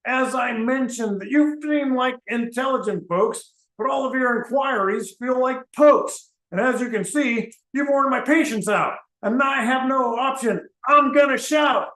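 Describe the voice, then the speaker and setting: A man's voice: very high voice, measured pace, hardly any pauses, reverberant, full character voice, low-quality recording. A man playing a fed-up old bearded grump. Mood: ranting singsong. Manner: exasperated, ranting, shouts in a singsong. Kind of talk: comedic character monologue.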